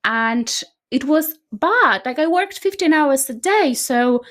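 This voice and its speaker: A woman with a fairly high voice, a decluttering coach appearing as a guest, tells a personal story at a slow pace. She's animated and chatty, keeps tacking "right?" onto her sentences, and speaks informally without a script.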